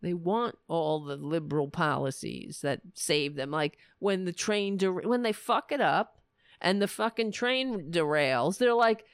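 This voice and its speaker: A woman's voice: fairly low pitch, lively intonation, unhurried, smooth, no echo, studio quality. A woman hosting a political livestream, ranting sarcastically with plenty of profanity and answering viewers' chat messages. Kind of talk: casual livestream commentary.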